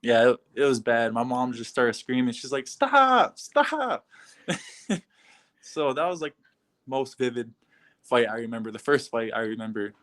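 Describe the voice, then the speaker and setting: A young man with an average, middle-pitched voice, answering questions over a video call. He talks in an easygoing, laid-back way and breaks into soft laughs now and then. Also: fairly even intonation, normal speed. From Canada. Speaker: fighter being interviewed. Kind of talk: casual interview answers.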